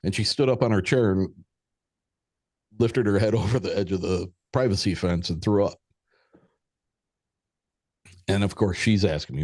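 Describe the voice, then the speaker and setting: Guy with a real low voice telling a story on a podcast, swears a lot, dry close sound. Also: brisk, darkish tone, dry recording. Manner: candid, swears freely, quotes people in conversation. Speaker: podcast guest. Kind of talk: casual spoken storytelling.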